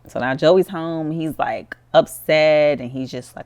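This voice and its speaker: A woman's voice: sits low, moderate pace, a little mellow. A woman giving casual gameplay commentary, telling the story in a chatty way full of "like". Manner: chatty storytelling, heavy use of "like".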